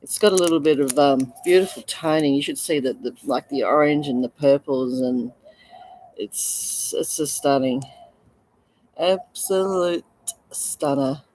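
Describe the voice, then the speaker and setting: Low-pitched Australian woman, chatty livestream seller, gushing and loose with fillers. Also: steady tone, moderate pace, darkish tone, no room sound, low-quality recording. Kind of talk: casual live selling chat.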